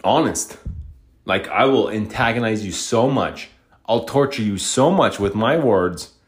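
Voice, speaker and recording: Man from Utah, lowish voice, rambling profane solo rant, fed up. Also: expressive, a little slow. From Utah, USA. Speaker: podcaster.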